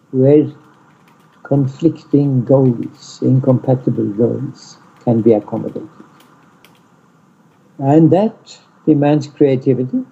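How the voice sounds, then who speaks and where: A man lecturing in an online seminar, deliberate and blunt, stressing single words, over muffled call audio. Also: fairly high pitch, creaky, dark tone, breathy edge. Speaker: lecturer on peace studies. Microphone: video call.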